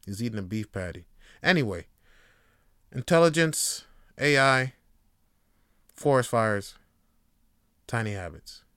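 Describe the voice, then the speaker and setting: A man with a bright, crisp voice rambles through a solo podcast, cursing freely and cracking jokes. His voice is recorded dry and close, with no room sound, and he often jumps into loud, hyped outbursts. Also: mid-range voice, animated, measured pace, long pauses, no room sound. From Canada. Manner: profane, joking, rambling, with sudden loud hyped bursts. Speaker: podcast host. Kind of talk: casual rambling monologue.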